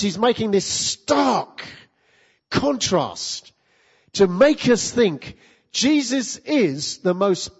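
A man preaching a sermon in a church, lively and full of rhetorical questions put to the congregation. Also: sits high, breathy edge. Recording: lo-fi with long hall reverb.

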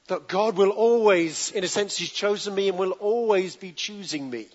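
High-voiced preacher in an echoing church hall. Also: male voice, normal speed, few pauses. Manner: conversational, asks the congregation to answer back. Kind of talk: sermon. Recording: dull lo-fi recording with long hall reverb.

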